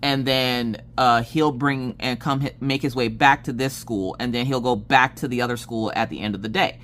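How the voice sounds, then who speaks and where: A woman's voice: rumbling low, normal speed, a little hiss or hum. Chatty woman telling a family story. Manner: animated, acts out the other people in her stories; chatty with many fillers and asides. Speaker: crafting channel host. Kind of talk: casual storytelling chat.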